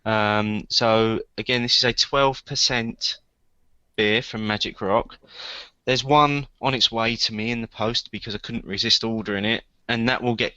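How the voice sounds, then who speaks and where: A man's voice: on the low side, fairly even intonation, moderate pace, sharp tone, clean tone, no echo, highs cut off. A man co-hosting a casual podcast chat, talking hesitantly with many ums and repeated words. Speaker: podcast co-host.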